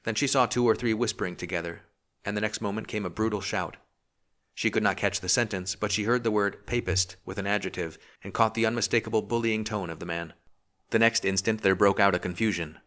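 Deep-voiced male audiobook narrator. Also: fairly even intonation, a little fast, a bit bright. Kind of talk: scripted narration.

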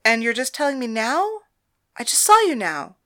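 A woman's voice: fairly high pitch, very animated, normal speed, sharp tone, pitched above the performer's own voice. Woman doing a teasing, lazy brothel girl.

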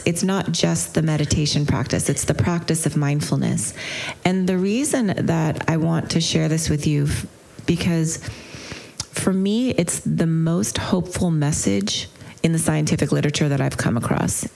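A woman giving a retreat lecture on mindfulness as its teacher, telling a story in an earnest, reflective way with gentle hesitations. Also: deep voice, creaky.

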